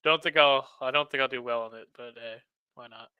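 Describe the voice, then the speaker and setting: A man's voice: medium pitch, fairly even intonation, fairly quick, clean tone, no echo, muffled recording. A young man playing in a tabletop game, chatting casually and asking hesitant questions. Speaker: player.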